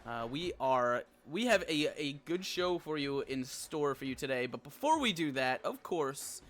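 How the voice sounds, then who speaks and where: Brief: male stream host and game master, upbeat and lively, a touch high, plenty of ums. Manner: upbeat, laughing often, halting with fillers. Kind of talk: casual hosting of a live tabletop game stream.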